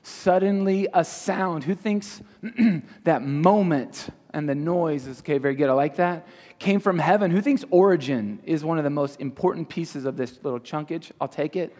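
The pastor's voice sits a little high with a darkish tone as he teaches a youth group interactively. He bombards the audience with quick questions, and the big hall around him echoes.

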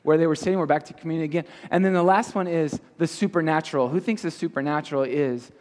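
Youth pastor guy, slightly high voice, keeps quizzing the crowd, long hall echo. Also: a little mellow. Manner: asks the audience many quick questions. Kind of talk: interactive youth teaching. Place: large hall with an audience. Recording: reverberant hall.

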